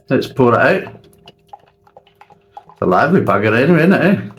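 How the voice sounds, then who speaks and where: A man's voice: on the low side, very animated, moderate pace, pauses often, faint music behind, poor audio. A man reviewing a beer in a casual, sweary, ranting way.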